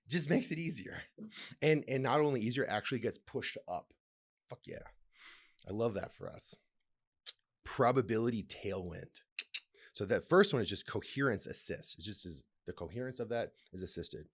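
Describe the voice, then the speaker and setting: A man's voice: medium pitch, lively intonation, normal speed. A man hosting a solo podcast, reading text aloud and breaking off to comment, laugh and swear in a playful, rambling way. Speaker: podcast host. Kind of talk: casual solo podcast talk.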